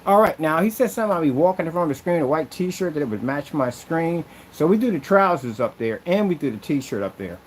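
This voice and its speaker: A man's voice: a little high, sing-song, quick pace, few pauses, slight background noise, rough recording. A man who makes projection screens, ranting in a casual vlog with an aggrieved, rambling, repetitive way of talking. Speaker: projection screen maker and seller.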